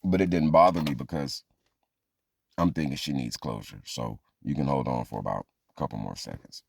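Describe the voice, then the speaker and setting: A man's voice: very deep voice, moderate pace, vocal fry, husky, no echo. A man telling a funny true story as a monologue, acting out the people in it. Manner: animated, acts out quoted voices.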